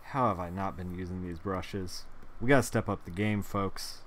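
A man's voice: deep voice, moderate pace, a little hiss or hum. A man chatting casually while painting on a live stream, rambling with lots of fillers and laughing at his own jokes. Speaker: digital artist streaming a painting session.

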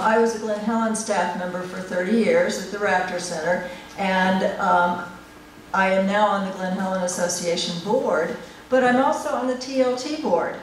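A woman's voice: mid-range voice, slight background noise. A woman, a board member, giving chatty informal remarks at a live community event. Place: community hall at a live poetry reading. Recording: echoey hall from far off.

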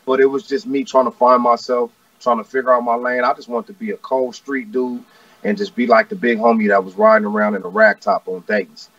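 A man's voice: mid-range voice, fairly quick, creaky, a bit bright, no room sound. A man in his forties from Southern California, a rapper talking as a guest in a casual, laid-back, slangy way, often repeating "you know what I mean.". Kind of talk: casual interview chat. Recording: distant, dull, dry lo-fi audio.

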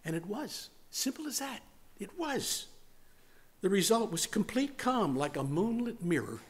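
A man with a rather high voice preaches a sermon as pastor. He swings between forceful emphasis and soft, almost whispered words. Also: very animated, a little slow, husky. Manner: dramatic shifts from loud to hushed, near-whispered words.

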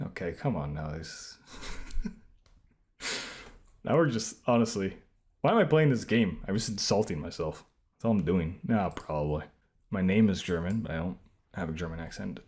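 A man streaming himself taking online quizzes, reacting out loud with sarcastic, self-mocking commentary. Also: low voice.

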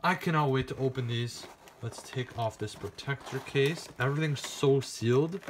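A man narrating as he opens trading card packs on camera, excited and chatty, speaking straight to his viewers. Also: medium pitch, normal speed, noisy background. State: nervous and shaky. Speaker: card-opening vlogger. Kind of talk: casual unboxing narration.

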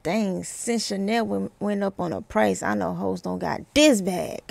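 Raspy young woman hyping a track. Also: mid-range voice, unhurried, darkish tone, dry recording. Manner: hyped, laughing, talks back to the track. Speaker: music reaction vlogger. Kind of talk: casual reaction commentary.

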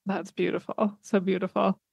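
Woman host, gentle questioner, mid pitch, dry close mic. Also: little pitch movement, normal speed, creaky, breathy edge, dry recording. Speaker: podcast host. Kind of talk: interview podcast.

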